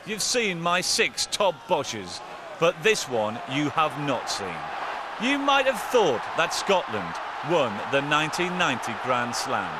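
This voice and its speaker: Over a roaring stadium crowd, a man talks through rugby highlights in a boisterous, high-pitched voice that leaps up and down. He takes his time between lines and bursts into sudden shouts. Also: big pitch swings, a little slow, background noise. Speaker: rugby video presenter. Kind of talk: lively sports commentary over clips.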